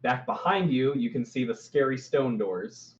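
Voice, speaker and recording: A man narrating as game master in a relaxed, descriptive way, stopping now and then to correct himself. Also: mid-range voice, a little slow, reverberant, highs cut off.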